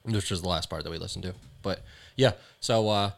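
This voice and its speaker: A man's voice: sits low, brisk, creaky. A man hosting a podcast in casual chat, talking loosely and rambling with many fillers. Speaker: podcast host.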